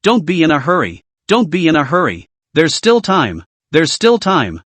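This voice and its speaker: Man voicing an anxious, repeating underworld servant; lively pitch. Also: no room sound. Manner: hurried, repeating himself.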